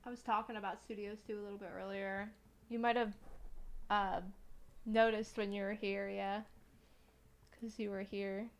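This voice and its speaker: A woman's voice: medium pitch, level tone, moderate pace, long pauses. A woman streamer chatting casually with her viewers while she draws their art requests, joking as she works. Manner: joking, chatty, talks to chat while working. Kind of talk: casual livestream chat while drawing.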